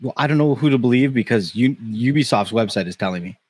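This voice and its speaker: A man's voice: medium pitch, expressive, fast, slightly rough, dry recording. A man co-hosting a casual tech podcast, musing aloud in a conversational way. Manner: musing, conversational, uses "you know" and "right". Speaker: podcast co-host.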